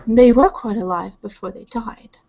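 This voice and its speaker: Woman game master with a slightly high voice. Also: moderate pace, mellow. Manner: vivid descriptive narration with sound effects. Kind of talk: narrating a tabletop game. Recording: dull lo-fi recording.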